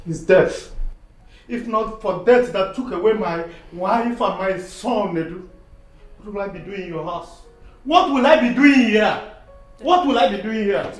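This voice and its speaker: A man's voice: high-pitched, a little slow, reverberant, far from the mic, soft background music, rough recording. An actor playing a touchy, self-pitying widowed older father with a Nigerian accent, who repeats himself indignantly. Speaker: father-in-law. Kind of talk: film drama acting.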